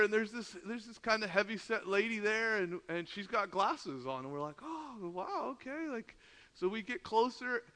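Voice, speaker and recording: A man preaching a sermon, telling a story with lots of laughter and acted-out dialogue. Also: sits high. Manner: animated storytelling, laughing often, acting out dialogue. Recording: long hall reverb.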